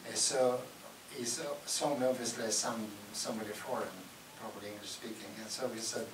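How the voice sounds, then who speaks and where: A man giving a lively talk in a university lecture hall. He laughs often and answers audience questions. The recording is taken from well back in a roomy hall, with steady background noise. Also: fairly low pitch, brisk, distant mic. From Russia. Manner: animated, laughs often, acts out Russian voices loudly. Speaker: guest speaker.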